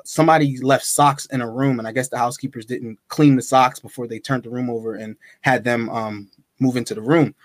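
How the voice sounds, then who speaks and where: A man guest on a podcast, telling a story in a chatty, animated way with lots of fillers. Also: mid-range voice, dry recording, clean studio sound. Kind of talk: casual storytelling.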